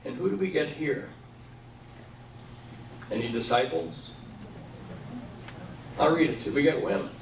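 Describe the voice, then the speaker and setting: A man's voice: a little high, very animated, unhurried, long pauses, background noise. A man giving a Bible study talk in a church, who asks the room questions and then answers them himself. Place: church hall. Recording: echoey room, mic at a distance.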